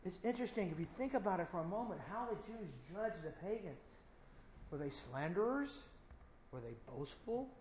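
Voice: medium pitch, expressive, moderate pace, darkish tone, echoey room, a little hiss or hum, low-quality recording. A Bible teacher preaching a verse-by-verse sermon, emphatic and full of rhetorical questions.

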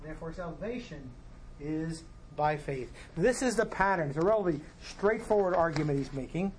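Leading a Bible study, a man explains verses in a relaxed, teacherly way and puts rhetorical questions to his class. His voice sits on the high side and moves a little fast, with a faint hiss or hum in the background.

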